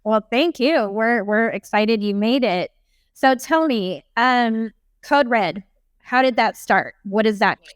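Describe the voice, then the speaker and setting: A woman's voice: a little high, slow pace, no echo. A woman hosting an interview, asking questions in an eager, upbeat way. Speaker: host.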